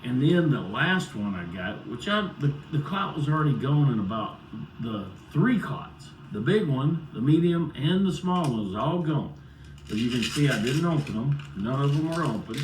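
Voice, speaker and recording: A man's voice: mid-range voice, expressive, moderate pace, a little hiss or hum. A middle-aged man telling a rambling personal story in a loose, chatty way, often circling back with "so anyways.". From United States. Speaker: vlogger. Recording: roomy sound, far from the mic.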